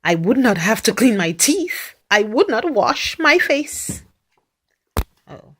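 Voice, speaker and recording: A woman's voice: fairly high pitch, very animated, slow pace, a bit bright, breathy edge. A woman reading picture books aloud to a young child, playfully acting out animal noises and sound effects.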